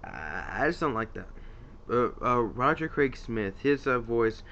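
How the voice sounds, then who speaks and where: A man's voice: mid-range voice, very animated, unhurried, creaky, bright, forceful tone, lo-fi sound, slight background noise. A man casually rambling about his favorite voice actors in an unscripted vlog, with lots of fillers and restarts. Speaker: YouTuber ranking voice actors.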